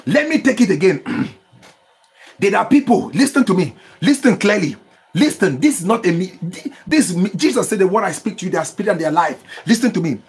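This is a man with a high, slightly rough voice delivering an impassioned sermon. He preaches with fervor, calls out for responses from his listeners, and breaks into bursts of speaking in tongues.

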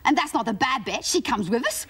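A woman's voice: a little high, sing-song, a little fast. A woman with an Australian accent playing a whiny, gossipy suburban schoolgirl in a comedy sketch, with a sing-song, breathless way of talking. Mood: whiny gossiping. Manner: sing-song, breathless, exaggerated teen complaints. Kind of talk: sketch comedy monologue before live audience. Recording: loud audience laughter and noise. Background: audience laughing.

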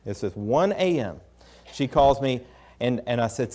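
A man's voice: mid-range voice, animated, measured pace, a little mellow. Candid male preacher telling a story. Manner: conversational and candid, with frequent restarts. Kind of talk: storytelling sermon.

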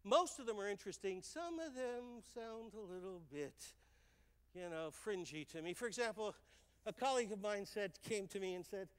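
An older man giving a stage talk, telling lively stories and checking in with the audience with "right?" and "okay?". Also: high voice, normal speed, clean tone, in a large hall. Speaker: speaker. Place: large hall on stage.

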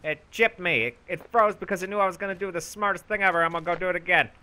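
A young man commentating his own gameplay, bragging goofily about being a genius and yelling for help in mock panic. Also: high voice, rapid-fire, smooth. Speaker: gaming YouTuber. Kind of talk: let's play commentary.

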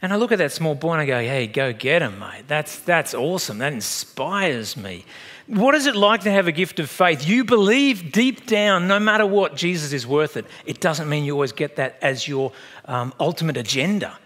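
At a moderate pace and with a fairly high pitch, an Australian man in his fifties delivers a sermon as a pastor. He's a lively, chatty storyteller who laughs along at his own anecdotes.

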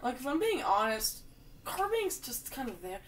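A woman giving casual, jokey commentary while she plays a video game, with sudden loud outbursts. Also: sits high, big pitch swings, normal speed, far from the mic, slight background noise. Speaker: gamer playing through a video game.

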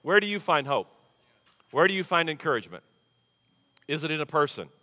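A man's voice: on the high side, sing-song, brisk, pushed and bright. A man preaching a sermon to a congregation in a folksy, conversational way, calling on the crowd to answer back. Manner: folksy, conversational preaching with audience call-and-response. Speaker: pastor. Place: large church sanctuary. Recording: long reverb of a big church hall.

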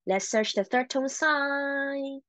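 A woman teaching a Chinese language lesson, encouraging and repeating words slowly for learners. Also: sits high, a bit bright, no echo.

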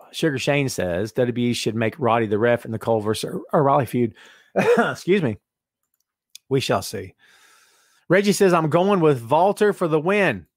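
Here a podcast host with a higher-leaning voice runs a casual live-stream chat, excitedly joking with the audience and reading their comments aloud. The sound is clean studio audio with no echo.

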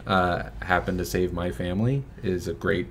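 A man's voice: low-pitched, normal speed, slight background noise. A young man, a filmmaker, chatting casually and loosely on a livestream, with many fillers and small laughs. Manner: relaxed, filler-heavy, chuckles often. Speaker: filmmaker guest, son of host. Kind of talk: casual livestream fundraising chat.

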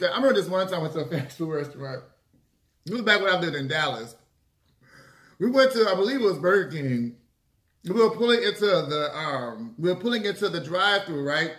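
Animated storytelling man, echoey room. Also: sits high. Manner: animated, acts out quotes, swears freely. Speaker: mukbang vlogger. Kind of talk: casual storytelling to camera.

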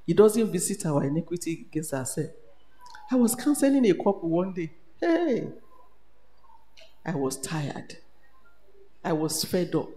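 A woman with a Nigerian accent preaching at a retreat in an animated manner. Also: on the low side. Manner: animated, switches between English, Pidgin and Yoruba. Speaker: retreat speaker. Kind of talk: sermon. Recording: echoey hall with long reverb.

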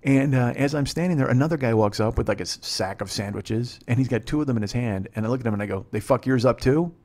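A man's voice: mid-range voice, quick pace, a little mellow. Man telling a rambling, profane story. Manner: profane, rambling, self-deprecating. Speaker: comedian podcast host. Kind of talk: casual comedic storytelling.

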